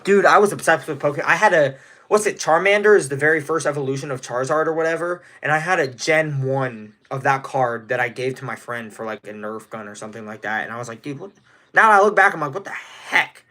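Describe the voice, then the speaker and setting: A man's voice: medium pitch, fast talker, pushed and bright. A nineteen-year-old man from Indiana, livestreaming casually, rambling and greeting viewers in chat by name. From Indiana, USA. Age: teens.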